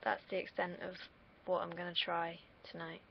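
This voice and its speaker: A woman's voice: fairly low pitch, monotone, normal speed, gravelly, breathy edge, highs cut off. A young woman from the UK, vlogging in a casual, rambling monologue that wanders off on tangents, with the odd swear word. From United Kingdom.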